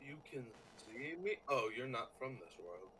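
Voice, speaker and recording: A man voicing a calm, nonchalant young man who commands shadows in a tabletop game, speaking low and unbothered. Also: a little slow, a little hiss or hum, rough recording.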